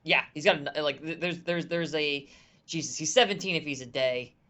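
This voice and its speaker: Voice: mid-range voice, brisk, sharp tone, lo-fi sound. A game master narrating a horror tabletop game in a loose, chatty way with lots of fillers.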